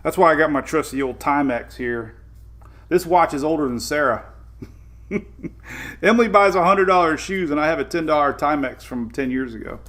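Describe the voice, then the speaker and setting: Man, Southern US accent, weather show host, casual rambling chat, slightly high pitch. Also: animated, moderate pace, a bit bright. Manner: rambling, chatty, greets viewers by name, laughs often. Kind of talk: casual live-stream chat.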